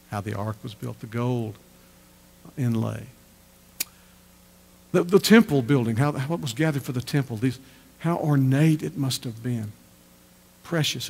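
Pastor, male, gravelly voice, emphatic sermon delivery in a reverberant church hall. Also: mid-range voice, a little mellow. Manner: emphatic preaching with repeated phrases.

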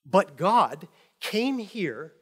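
A man preaching a sermon as pastor, telling stories in an animated way and acting out the people he quotes. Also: sits high, extremely slow, husky.

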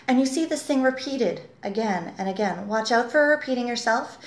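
A woman's voice: a little high, lively intonation, normal speed, few pauses. Emphatic woman editor giving writing tips. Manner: earnest, emphatic, teacherly, with rhetorical questions. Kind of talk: talking-head writing tip video. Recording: echoey room.

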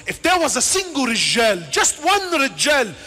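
A man giving a passionate religious lecture, swinging between shouted appeals and low asides, acting out dialogue as he tells stories. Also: huge pitch swings, normal speed, faint music behind. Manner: acts out dialogue in storytelling. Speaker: Islamic preacher. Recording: reverberant hall.

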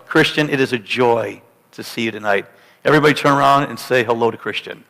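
A pastor delivering a sermon in a church, preaching emphatically and dramatically with joking asides. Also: male voice, medium pitch, fast, gravelly, a bit bright. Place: church sanctuary. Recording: long reverb of a church hall.

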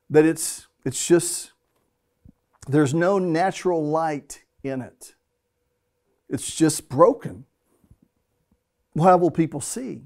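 A man's voice: on the high side, mellow. A middle-aged man preaching a sermon as pastor, telling a family story and acting out its scenes.

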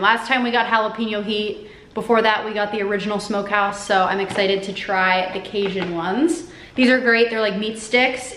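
A woman's voice: medium pitch, a bit bright, reverberant, slight background noise. A woman chatting casually to camera at home for her vlog, upbeat and rambling. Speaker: vlogger. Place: home indoors.

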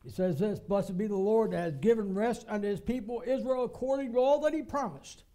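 High-pitched guy preaching in church, keeps hammering phrases for emphasis. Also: brisk, dark tone. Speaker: pastor. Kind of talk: sermon.

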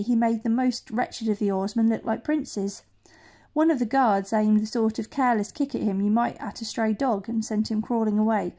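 A woman reads a novel aloud in a mellow, darkish voice. She tells it plainly and now and then trips over a word and restarts it. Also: medium pitch. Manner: reads with small slips and self-corrections. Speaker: audiobook reader. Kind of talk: amateur audiobook narration.

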